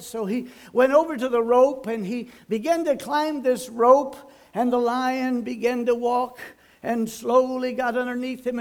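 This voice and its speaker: A man's voice: extremely high pitch, a little mellow. An older man preaching a sermon, telling folksy stories and exhorting emphatically. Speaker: pastor.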